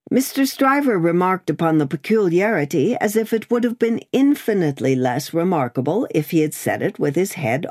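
A woman narrating a classic novel as an audiobook, with expressive, measured storytelling. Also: lowish voice.

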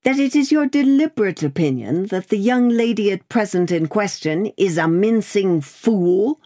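A woman voicing a blustering, proud middle-aged male lawyer who speaks slowly and emphatically, as a character in an audiobook. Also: mid-range voice, expressive, warm tone, no room sound, clean studio sound, pitched above the performer's own voice, close to an everyday voice. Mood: indignant.

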